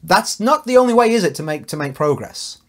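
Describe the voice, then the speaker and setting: A man with a slightly higher voice gives an earnest, encouraging motivational talk straight to camera. He coaches his listeners in a personal, conversational way, often restarting his sentences. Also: big pitch swings, brisk. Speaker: network marketing coach.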